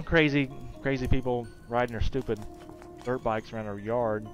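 A man's voice: medium pitch, steady tone, fairly quick, muffled recording, soft background music. Male gaming streamer with a mid-range voice, chatty and joking, muttering game moves. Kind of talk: live gameplay commentary.

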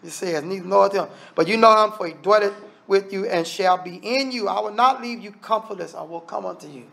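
Man, preacher, Southern US accent, high voice, gravelly, animated asides between scripture readings. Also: a little fast. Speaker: minister. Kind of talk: sermon.

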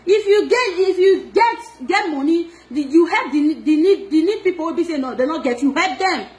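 A woman with a Nigerian Pidgin accent talking through gossip in an animated, scolding way with frequent laughs. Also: extremely high pitch, moderate pace. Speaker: gossip vlogger. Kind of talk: casual gossip monologue.

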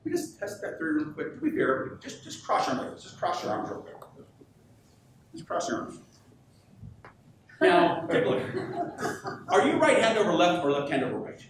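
High, lively man speaking in an echoey hall. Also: moderate pace, long pauses. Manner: energetic, quizzes the audience with questions. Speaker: professional speaker. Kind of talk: live business keynote talk. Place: event hall with audience. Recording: echoey hall, voice from far off, faint hum.

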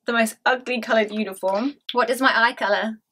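A woman's voice: on the high side, fairly even intonation, brisk, sharp tone. A young woman hosting a casual couple vlog, chatty and teasing, laughing often. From England. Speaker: YouTuber host.

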